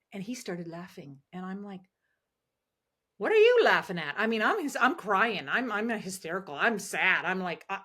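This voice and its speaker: A woman telling animated, emotional stories as a podcast guest, acting out the voices she quotes. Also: medium pitch. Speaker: podcast guest, ministry founder. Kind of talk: conversational storytelling interview.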